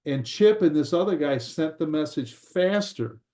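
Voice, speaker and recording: A man hosting a podcast in casual chat, eager and quick to laugh. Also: fairly high pitch, animated, warm tone. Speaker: podcast host.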